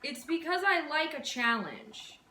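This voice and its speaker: A woman's voice: high voice, big pitch swings, a little slow, sharp tone. A woman chatting through a casual cooking vlog in her home kitchen, rambling and poking fun at herself as she gets flustered. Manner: rambling, self-deprecating, flustered. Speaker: vlogger cooking on camera. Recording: echoey room with clear background noise.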